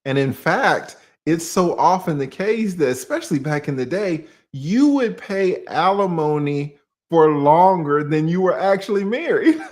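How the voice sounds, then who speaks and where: A man's voice: fairly high pitch, expressive, unhurried, a little mellow. A man with a Southern accent from Georgia, an attorney guest in a casual livestream chat, laid-back and asking rhetorical questions.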